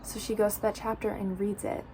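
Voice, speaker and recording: A woman's voice: mid-range voice, level tone, fairly quick, dark tone, a little hiss or hum. A young woman casually recapping a novel for her channel, chatty and full of "like.". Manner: chatty, fills speech with "like". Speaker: book vlogger.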